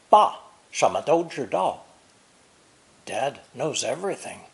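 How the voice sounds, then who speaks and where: A man narrating a recorded language lesson, explaining slowly and deliberately, with example sentences read in Chinese. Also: medium pitch. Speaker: language teacher.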